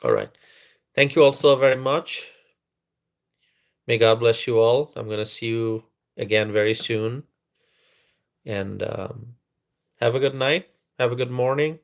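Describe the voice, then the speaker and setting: A man hosting a live stream, chatting with viewers and talking softly and slowly to rest his tired voice. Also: mid-range voice, creaky.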